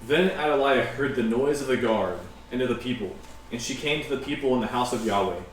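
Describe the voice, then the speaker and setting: A man reading a Bible passage aloud to his study group in a steady, measured way. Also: medium pitch. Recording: roomy, distant mic, faint hiss.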